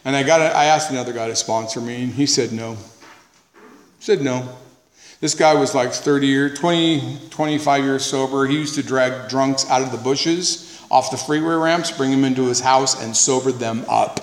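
A man's voice: mid-range voice, fairly even intonation, moderate pace. A man speaking at a recovery meeting, giving an earnest, conversational personal testimony, repeating words for emphasis, with wry humor. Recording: echoey hall with faint noise.

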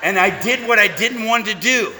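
A man's voice: sits high, normal speed, sharp tone. A man sharing his story at a recovery meeting, telling it as a punchy, profane comic tale to a live audience. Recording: echoey hall reverb.

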